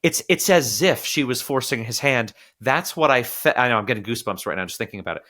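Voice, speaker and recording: A man hosting a podcast, talking about a film in an animated, casual way and sometimes quoting characters in little acted voices. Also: medium pitch, fast talker. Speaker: podcast host.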